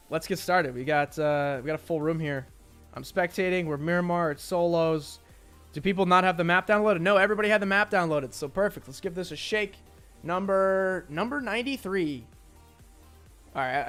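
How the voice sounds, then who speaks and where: A man's voice: fairly high pitch, brisk, fairly bright tone, soft background music. A man with a New York accent hosting and casting an online game tournament, chatting loosely with viewers between plays. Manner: chatty, rambling asides to viewers. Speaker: tournament host and spectator caster. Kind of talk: live-streamed game commentary.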